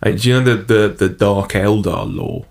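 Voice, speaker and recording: A man's voice: on the low side, fairly even intonation, moderate pace, gravelly, a little hiss or hum. A man co-hosting a podcast in casual chat, rambling with lots of fillers and laughing often. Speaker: podcast co-host.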